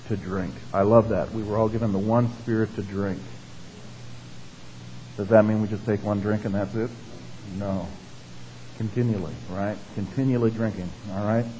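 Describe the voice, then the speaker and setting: Husky-voiced pastor giving a conversational sermon. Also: male voice, medium pitch, a little mellow, dull audio. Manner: conversational teaching, frequent "all right?" and "okay?" tags; asks the congregation questions.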